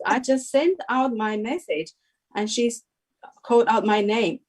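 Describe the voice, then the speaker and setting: A woman's voice: on the high side, a little slow, darkish tone, low-quality recording. A woman in her thirties telling her story as an interview guest, hesitant and full of fillers, with non-native phrasing. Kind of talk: personal testimony in an interview.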